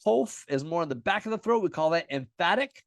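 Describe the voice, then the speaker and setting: A man's voice: a little high, expressive, a little fast, no room sound. A man teaching a casual lesson at a whiteboard, playful and jokey, repeating sounds aloud as he writes. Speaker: Bible teacher.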